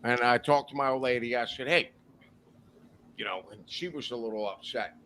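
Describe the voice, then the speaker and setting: At a normal speed and with a bright, forceful mid-range voice, a podcast guest laughs his way through loose, profane anecdotes in a casual chat. There's slight background noise.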